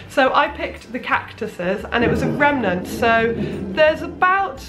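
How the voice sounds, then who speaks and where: A woman's voice: high-pitched, lively intonation, measured pace, over music. Chatty young woman vlogging. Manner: chatty, rambling, lots of fillers. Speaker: sewing vlogger. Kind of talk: casual chat. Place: parents' house, indoors.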